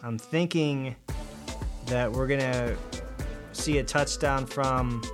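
A man's voice: mid-range voice, steady tone, takes it slowly, music in the background. Hesitant man giving betting picks. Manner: hesitant, drawn out. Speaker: podcast co-host. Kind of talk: casual sports betting chat.

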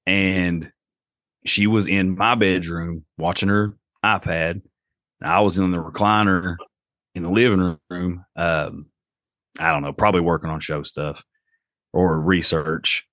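A man's voice: low voice, fairly bright tone, no echo, studio quality. A man, telling a story casually as a podcast guest and acting out the voices he quotes.

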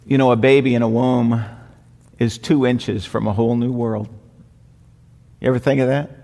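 A man preaching a sermon with slow, deliberate emphatic repetition. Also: medium pitch, steady tone, vocal fry, warm tone. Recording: long hall reverb.

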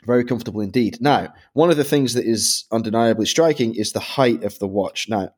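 A man's voice: medium pitch, fairly quick. A man from Britain co-hosting a podcast, explaining a product review in methodical detail. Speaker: podcast co-host.

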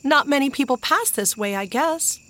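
Gentle storybook girl, soft and higher-pitched, woman reader doing her. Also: animated, normal speed.

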